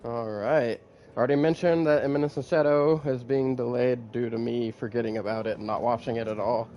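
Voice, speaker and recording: A laid-back man hosts a casual podcast, cursing freely and chuckling between thoughts. His voice sits at an ordinary middle pitch. A faint hiss runs under the recording. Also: steady tone, brisk, muffled recording. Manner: laid-back, swears freely, laughs often. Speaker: podcast host. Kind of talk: casual chat.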